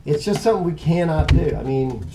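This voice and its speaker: A man's voice: fairly high pitch, lively intonation, fairly quick, noisy background. Rambling, easygoing man teaching a Bible lesson. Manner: rambling, conversational, self-correcting.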